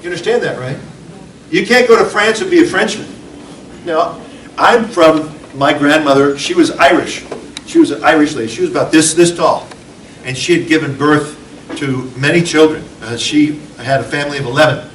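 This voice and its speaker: A man giving a patriotic sermon-style speech, telling stories with dramatic swings from loud to hushed. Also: a little high, moderate pace, a little hiss or hum. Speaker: preacher. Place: event hall. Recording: echoey hall, mic from far off.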